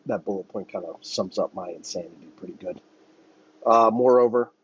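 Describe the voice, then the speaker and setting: A man's voice: fairly low pitch, darkish tone, breathy edge, highs cut off. A man hosting a podcast, ranting on his own in a heated, profane, rambling way. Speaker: podcast host. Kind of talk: solo political commentary rant.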